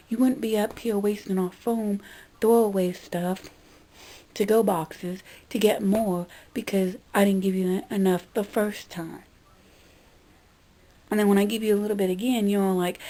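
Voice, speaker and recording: A woman's voice: mid-range voice, steady tone, unhurried, warm tone, rough recording. A young woman vlogging a casual rant, exasperated and swearing, now and then mimicking the people she talks about. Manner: exasperated, swearing, mimics customers in quoted voices. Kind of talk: casual ranting monologue.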